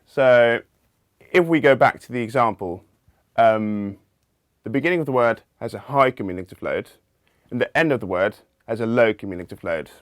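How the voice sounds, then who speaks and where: A man's voice: medium pitch, lively intonation, moderate pace, no echo, clean studio sound. A man presenting a linguistics lesson in an explanatory video lecture, walking through the ideas methodically, step by step.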